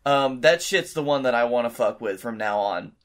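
A man co-hosting a comedy podcast spins a rambling anecdote, swearing freely and getting animated as he goes. His voice sits at an ordinary middle pitch. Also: moderate pace. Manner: profane, animated anecdote telling. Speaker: podcast co-host. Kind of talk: casual comedy storytelling.

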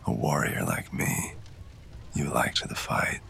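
A man narrating in first person as a winged fae lover, in a whispered role-play with close, intimate, breathy delivery. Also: unhurried, pushed and bright.

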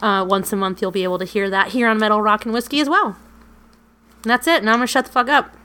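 A woman's voice: mid-range voice, fast, pushed and bright, clear, resonant tone. A woman co-hosting a podcast, chatting casually and rambling, swearing freely and laughing often. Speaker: podcast co-host. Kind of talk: casual podcast outro chat.

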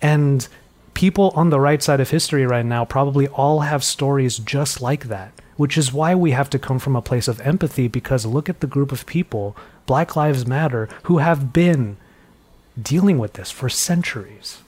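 Podcast co-host, american man, mid-pitched, animated delivery with laughing asides, headset mic. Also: moderate pace. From United States. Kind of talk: casual conversation.

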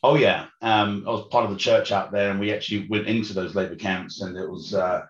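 A man in his thirties with a London accent and a faint Australian and South African twang talks chattily, with lots of ums and restarts. His low voice sounds roomy and a bit dull, as though recorded remotely in an echoey room. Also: steady tone, a little fast, a little hiss or hum. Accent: British, London, with slight Australian and South African twang. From West London, England. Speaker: podcast guest. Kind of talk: conversational interview.

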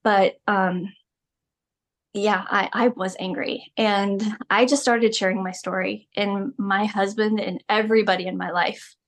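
A middle-aged woman speaks as a podcast guest, telling her own story in candid, emphatic terms. Her voice sits in a middle pitch range, and she laughs often as she talks. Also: fairly even intonation, measured pace. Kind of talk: personal storytelling interview.

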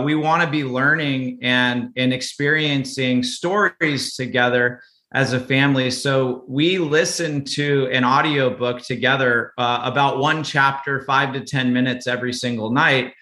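A man's voice: medium pitch, fairly even intonation, a little slow, few pauses, bright, forceful tone. A man as a podcast guest, explaining family routines in easygoing casual talk and often repeating words as he goes. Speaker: podcast guest, parenting author. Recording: echoey room.

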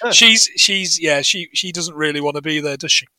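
Bright, sardonic man recapping a film. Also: fairly high pitch, normal speed, no room sound. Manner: sardonic, sweary, laughs at his own jokes. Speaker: podcast co-host. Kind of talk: casual film recap chat.

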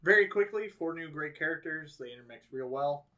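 A man's voice: fairly high pitch, expressive, fairly quick, sharp tone, distant mic. A male guest in a casual chat, laid-back and making dry quips.

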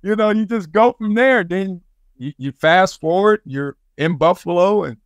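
A former NFL player turned sports broadcaster, a man in his forties with a Southern California accent, tells stories as a podcast guest in a casual interview. His high voice is clean and measured, recorded dry in studio quality, and he laughs animatedly while acting out quotes.

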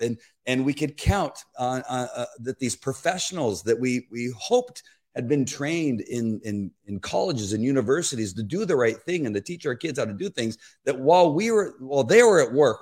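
A man's voice: medium pitch, a little mellow. A man hosting a commentary show, talking in an earnest, rambling way. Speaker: host. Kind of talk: casual spoken commentary.

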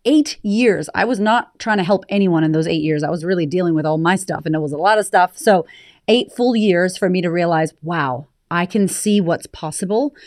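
A woman talks candidly on a podcast, her voice sitting low and sounding close and dry. She tells her story openly, leaning into key words with emphasis. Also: fairly quick, darkish tone, no room sound. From United States. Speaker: podcast guest, confidence coach. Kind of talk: candid interview conversation.

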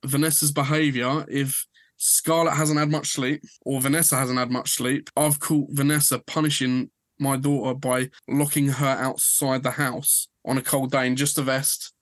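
A man's voice: medium pitch, flat delivery, moderate pace, no echo. A man telling his own story as a podcast guest, full of reported dialogue. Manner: recounts events with lots of reported dialogue. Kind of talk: conversational storytelling.

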